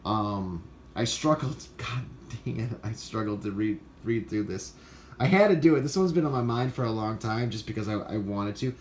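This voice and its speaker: A man rants through a comic book review, dismissive and scoffing, with his talk full of filler uhs. His voice sits on the low side. It bounces around a roomy space over faint background ambience. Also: animated, normal speed, a little hiss or hum. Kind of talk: casual ranting review.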